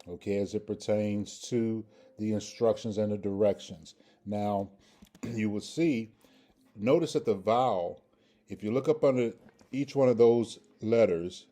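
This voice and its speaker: Male language teacher, low mellow voice, patient and repetitive, video lesson delivery. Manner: patient, repeats pronunciations several times with frequent "okay?" checks. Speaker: Hebrew grammar teacher.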